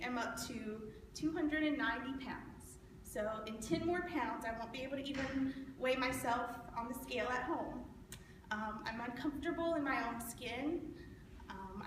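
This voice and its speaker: A woman's voice: a little high, natural voice. A woman playing an anxious, insecure woman, hesitant and full of ums in a stage monologue. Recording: echoey hall from far off, noisy.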